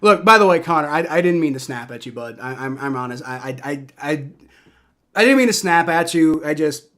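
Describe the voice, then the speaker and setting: A man's voice: a little high, expressive, brisk, pushed and bright. A young man streaming live football reactions and play-by-play, heated and profane, ranting with many restarts.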